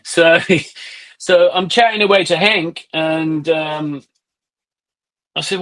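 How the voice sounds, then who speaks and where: A middle-aged man, a musician guest on a podcast, telling animated anecdotes in casual conversation and swearing freely. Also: on the high side, slow.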